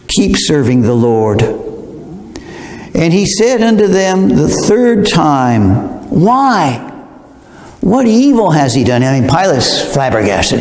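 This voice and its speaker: Addressing his listeners directly, a man preaches a verse-by-verse Bible sermon in a chatty style that wanders into digressions. His mid-range voice is a little mellow, and the recording has a roomy hall reverb.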